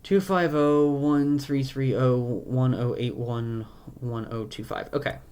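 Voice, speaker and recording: A man's voice: mid-range voice, steady tone, slow pace, darkish tone, slight background noise. A man who is losing his voice, talking through a live coding walkthrough as a programmer, thinking aloud and hesitating with frequent ums. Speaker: programmer, language creator.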